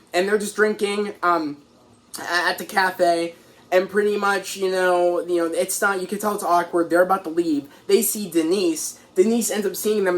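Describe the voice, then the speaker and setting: A man excitedly recapping a TV episode as a reviewer, rambling and restarting as he goes. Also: high voice. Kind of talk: casual recap.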